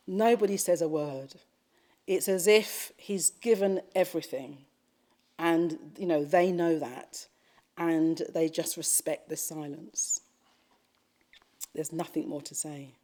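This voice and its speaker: A woman with a British accent giving a retreat dharma talk as a Buddhist teacher, telling a story gently and reflectively. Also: sits low, slow, long pauses. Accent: British English. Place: retreat hall.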